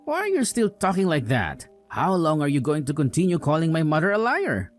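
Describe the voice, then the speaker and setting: Soft music plays beneath a woman's low-sitting voice, which moves a little fast with huge swings in pitch. She's performing the role of a young, quick-tempered husband loyal to his mother, scolding and accusing in dramatized story dialogue.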